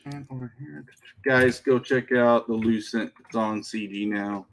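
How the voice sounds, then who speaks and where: A man of middle pitch chatting loosely on a livestream, laughing and joking as he goes. His talk rambles from point to point in an easygoing way. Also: a little slow, a little hiss or hum. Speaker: game studio streamer. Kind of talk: casual stream chat.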